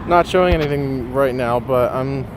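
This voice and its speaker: A man's voice: medium pitch, moderate pace, background noise. A man hosting a casual live stream, chatting and reading viewer comments aloud with frequent ums.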